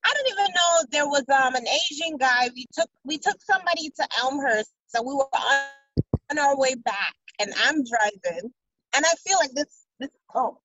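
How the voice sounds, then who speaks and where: A woman EMT telling a story from her shift in animated casual chat. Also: high-pitched, moderate pace, no echo, muffled recording.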